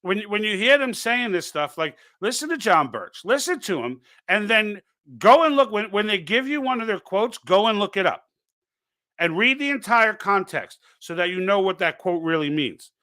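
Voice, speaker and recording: A man's voice: high-pitched, animated, normal speed, bright, forceful tone. A man hosting a live political stream, talking off the cuff in an urging, conversational way with frequent restarts and asides. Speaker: political livestream host. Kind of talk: unscripted live commentary.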